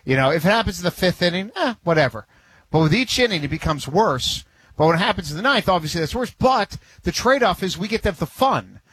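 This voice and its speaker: Husky higher-voiced sports co-host man. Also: animated, quick pace, a bit bright, no echo. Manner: chatty, joking, with laughs. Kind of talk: casual sports talk.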